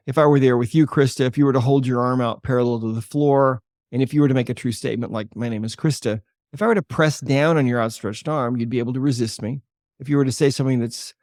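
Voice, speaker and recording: An older man, a holistic chiropractor, explaining his work and telling a patient story in a podcast interview with a measured, earnest delivery. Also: mid-range voice, darkish tone, no room sound, studio quality. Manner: earnest, measured explainer who slows for emphasis.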